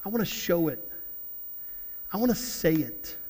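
A man preaching a sermon as pastor in church, halting and repeating words, then building to loud outbursts. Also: high-pitched, big pitch swings, breathy edge. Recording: long hall reverb.

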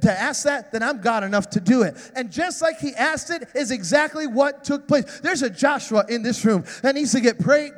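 A man's voice: very high voice, moderate pace, hardly any pauses, in a large hall. A man preaching a sermon, telling stories and building to passionate appeals. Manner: storytelling, rising to passionate preaching. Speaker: pastor. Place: church sanctuary.

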